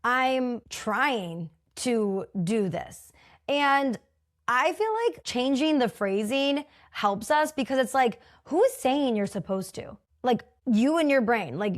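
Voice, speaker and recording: A woman's voice: fairly high pitch, expressive, takes it slowly. A young adult woman talking casually on her own podcast, chatty and full of "like", acting out her own inner voice. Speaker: podcast host. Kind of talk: casual solo podcast talk.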